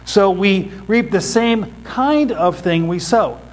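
High-voiced preacher teaching a congregation. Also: male voice, slow pace, low-quality recording. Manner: teaching, asks the congregation questions. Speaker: pastor. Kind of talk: sermon. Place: church before a congregation.

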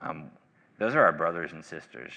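A low-voiced male pastor delivering a sermon with a very bright, forceful edge to his tone. He presses hard on key phrases, then sinks into hushed, low stretches. The sound carries a long reverb from the hall around him. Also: animated, normal speed, creaky, muffled recording. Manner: earnest, rising to emphatic bursts then dropping low.

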